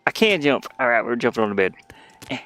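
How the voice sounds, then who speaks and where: A man's voice: medium pitch, very animated, fast, a bit bright, smooth. A man casually commenting while he plays his own game, rambling in mumbled asides.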